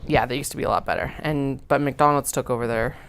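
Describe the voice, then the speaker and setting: Low-voiced chatty Western Canadian woman. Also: steady tone, fast, background noise. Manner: rambling, chatty, frequent fillers and uptalk. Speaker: sewing livestream host. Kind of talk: casual livestream chat.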